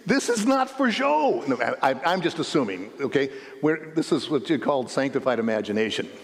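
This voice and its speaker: A man's voice: medium pitch, sing-song, moderate pace, slight background noise. A preacher voicing an earnest paralyzed man. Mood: insistent. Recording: long hall reverb.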